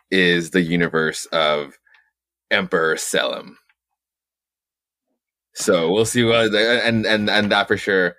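A man's voice: low-pitched, bright, forceful tone, no room sound, clean studio sound. A man co-hosting a casual podcast, talking in a rambling way with restarts and fillers. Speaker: podcast co-host, comic reviewer. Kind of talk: casual chat.

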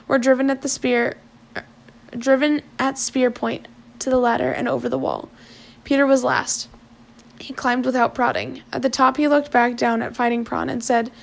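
A woman reading a novel aloud in a plain, steady way, with small slips and restarts. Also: high-pitched, vocal fry. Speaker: narrator.

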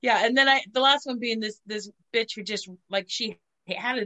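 A woman in casual chat, telling crude, animated stories and acting out what people said. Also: fairly high pitch, moderate pace, muffled recording. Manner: crude, animated storytelling with voiced quotes.

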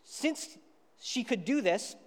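A man pastor preaching a sermon, casual and animated as he retells a story. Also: very high voice, takes it slowly. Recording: echoey hall reverb.

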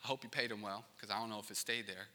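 A man's voice: on the low side, steady tone, racing, bright, forceful tone. A man preaching a sermon as pastor in a casual, conversational way, with joking asides. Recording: long reverb of a large hall.

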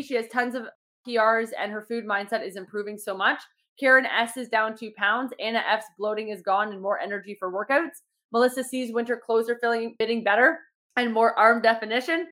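A woman's voice: on the high side, fairly even intonation, fairly quick, fairly bright tone. Chatty upbeat woman coach. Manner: chatty, says "like" a lot; upbeat and encouraging. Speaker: online fitness coach. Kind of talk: casual podcast talk.

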